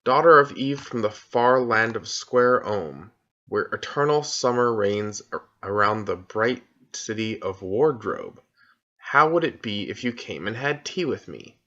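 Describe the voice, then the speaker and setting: A man's voice: fairly low pitch, expressive, unhurried, bright, forceful tone, full character voice. A man reading aloud, voicing a courteous, formal male faun who is a little flustered and melancholy, in a dull lo-fi recording.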